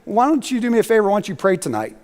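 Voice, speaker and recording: A man's voice: sits high, very animated, racing, in a large hall. A man voicing a friendly middle-aged father within a sermon story.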